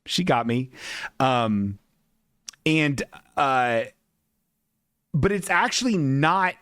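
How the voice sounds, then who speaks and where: A man's voice: medium pitch, animated, extremely slow, a bit bright, clear, resonant tone, no echo, clean studio sound. A man hosting a comedy podcast, rambling, profane and laughing often as he describes comic strips. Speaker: podcast host.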